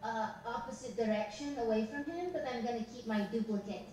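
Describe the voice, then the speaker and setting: A woman's voice: fairly high pitch, a little fast, dark tone, slight background noise. Hesitant woman player, distant and echoey. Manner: hesitant, counting dice aloud. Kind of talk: tabletop game play. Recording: show audio replayed, distant and echoey.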